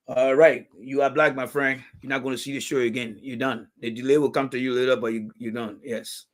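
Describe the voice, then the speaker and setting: A man with a Liberian English accent hosting a political livestream, reading viewer comments and bluntly calling people out. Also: medium pitch. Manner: blunt, repetitive, calls out commenters. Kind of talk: live stream talk reading comments.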